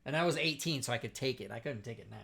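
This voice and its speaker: A man's voice: medium pitch, very fast, gravelly. A middle-aged American man hosting a casual livestream talk show, swearing and laughing often as he chats. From United States. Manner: profane, laughing, excitable.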